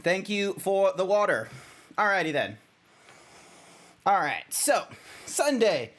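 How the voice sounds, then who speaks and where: A man's voice: high voice, sing-song, slow pace, a bit bright, a little hiss or hum. A young Australian man streaming as a VTuber, chatting casually and rambling with many restarts. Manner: rambling, self-correcting, chatty.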